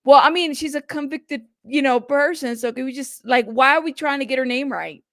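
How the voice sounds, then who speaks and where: Woman host of a casual live stream, higher voice with a gravelly fry, dry close sound, chatty and teasing with her viewers. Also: fairly quick, no echo. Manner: chatty, reads viewer chat aloud and gives shout-outs; playful, teasing. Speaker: livestream host.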